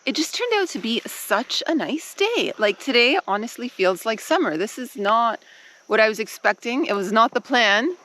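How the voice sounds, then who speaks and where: A woman's voice: fairly high pitch, big pitch swings, moderate pace, fairly bright tone, rough recording. A woman chatting in a cheerful, easygoing way as a travel vlogger, recorded outdoors on an action camera. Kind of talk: casual chat. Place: outdoors in a rural mountain garden.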